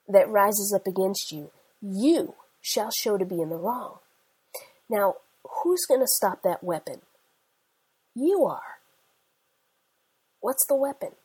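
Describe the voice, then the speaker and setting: A woman in her forties preaching a sermon, with emphatic, slowly stressed phrases. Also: medium pitch, mellow, husky, low-quality recording. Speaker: Christian speaker.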